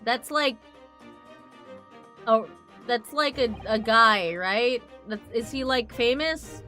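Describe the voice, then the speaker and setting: A woman's voice: a little high, slow, sharp tone, faint music behind. A woman streaming a game, reacting with giggly, incredulous commentary.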